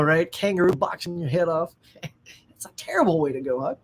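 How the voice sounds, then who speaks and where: Chatty high-voiced middle-aged man. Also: fairly quick, slightly rough. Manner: chatty, enthusiastic, laughs often. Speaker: host. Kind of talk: casual live-stream chat reading viewer comments.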